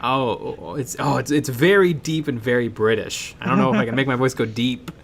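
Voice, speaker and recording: A man's voice: medium pitch, fairly quick, a little hiss or hum. A man co-hosting a live miniature painting stream, chatting casually, reading viewer comments and laughing often. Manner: excitable, laughs often, trails off.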